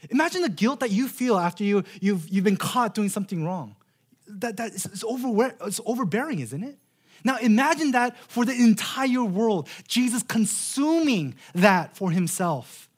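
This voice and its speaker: An earnest man in his thirties preaches a sermon. His pitch swings widely up and down, and he slows right down to lean on key phrases, often repeating words as he restarts a thought. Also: expressive, breathy edge. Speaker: pastor.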